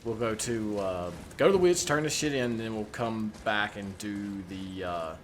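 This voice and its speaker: A man's voice: lowish voice, normal speed, slight background noise. A man streaming a video game, thinking aloud in a casual, hesitant way with frequent swearing. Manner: mumbling to himself, swearing, hesitant. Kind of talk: casual gameplay commentary.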